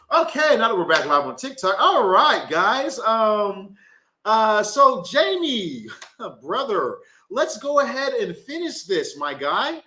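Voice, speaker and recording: A man's voice: high-pitched, big pitch swings, takes it slowly, pushed and bright, slight background noise. A young man giving tarot readings on a live phone stream, rambling and profane, with plenty of fillers. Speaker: tarot reader and spellcaster.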